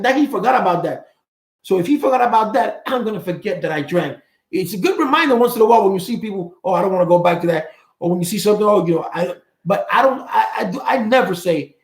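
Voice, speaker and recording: Fast, gravelly man on a blunt call-in chat. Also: high-pitched, roomy sound, poor audio. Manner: blunt, swears freely, repeats words while thinking. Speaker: host.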